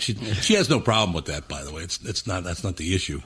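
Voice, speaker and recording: A man hosting a casual talk show, telling a rambling, animated story. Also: sits low, quick pace, husky. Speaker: host.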